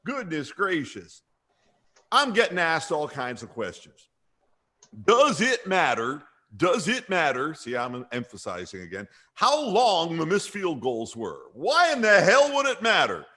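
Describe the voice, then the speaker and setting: A man's voice: a little high, wildly swooping pitch, a little slow, bright, forceful tone, exaggerated voice. A man doing an impression of a folksy football coach who rambles and repeats himself for emphasis at a press conference. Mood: blustery.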